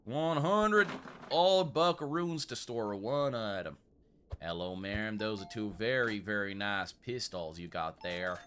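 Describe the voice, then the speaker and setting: With a lowish, fairly bright voice and slow delivery, a male streamer comments casually on a shop game amid slight background noise. In the role of a polite old-west shopkeeper, he puts on a regal accent and calls customers sir and ma'am.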